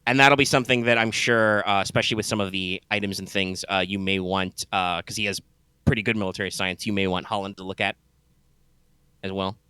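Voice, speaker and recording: A man running a tabletop game as game master, narrating in a measured, deliberate way. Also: on the low side, steady tone, pushed and bright, smooth, no room sound.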